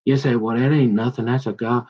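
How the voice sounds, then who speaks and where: A man's voice: medium pitch, steady tone, a little fast, dull audio. A man talking in a loose, slangy, rambling monologue that jumps from one story to the next and keeps restarting his sentences.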